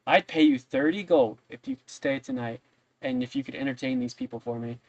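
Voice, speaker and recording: A man's voice: mid-range voice, fairly quick, a little mellow, dull audio, lightly acted. A man voicing a friendly, gossipy woman innkeeper who rambles with many fillers. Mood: chatty.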